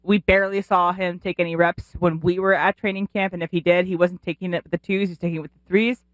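A woman producing and chatting on a sports radio show, talkative and quick to laugh. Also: lowish voice, no room sound, poor audio. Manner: chatty, quick to laugh, restarts when excited. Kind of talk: casual sports talk.

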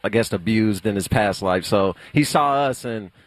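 A man's voice: lowish voice, normal speed, rough recording. A young adult man guesting on a sports radio show, chatting casually and laughing easily. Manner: easygoing, laughs often. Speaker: studio guest.

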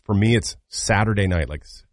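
A man from Massachusetts co-hosting a casual podcast chat, teasing and animated. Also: on the low side, fairly quick, dry recording, clean studio sound. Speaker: podcast co-host.

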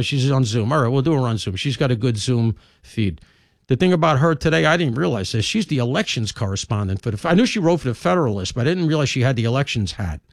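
A man hosting a talk radio show, talking through his lineup in an opinionated monologue with emphatic swings in pitch and loudness. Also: no room sound, studio quality. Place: radio studio.

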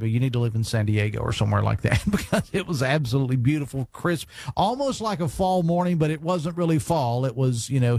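A man's voice: mid-range voice, vocal fry, a little mellow, no echo. A man hosting a live radio talk show, chatty with lots of fillers and restarts. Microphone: studio microphone.

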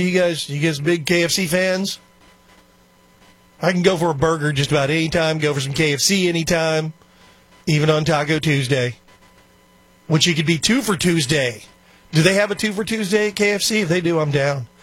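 A man's voice: fairly high pitch, fairly bright tone, dry recording. Chatty opinionated male radio host. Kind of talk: casual talk radio commentary. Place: radio studio.

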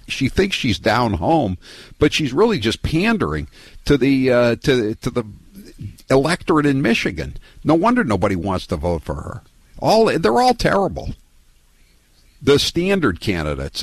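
A man hosting a political call-in radio show, rambling and animated, often repeating and restarting his words. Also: medium pitch, no echo. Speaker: radio talk show host.

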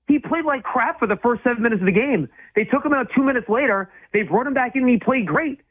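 A man co-hosting casual sports talk, talking fast and emphatically, with many restarts. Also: very high voice, expressive. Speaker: sports radio co-host. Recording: tinny phone-like line.

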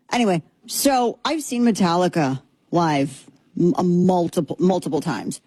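This commentary host, a woman in her thirties from Texas, has a lowish, slightly rough voice and talks at normal speed on a dry recording. Her casual opinion show is full of sarcasm and emphatic, repeated lines, delivered with animation through a headphone microphone.

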